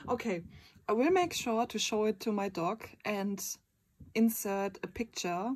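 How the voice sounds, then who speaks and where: A young woman in a casual unboxing vlog, gushing, giggling and often squealing in excitement. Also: medium pitch, measured pace. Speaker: vlogger. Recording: crinkling packaging noise behind. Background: bubble wrap and packaging crinkles.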